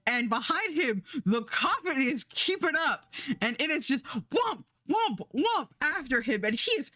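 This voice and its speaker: A woman streamer telling a story in a casual, animated way, repeating words and restarting often. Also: sits high, unhurried, no room sound, studio quality.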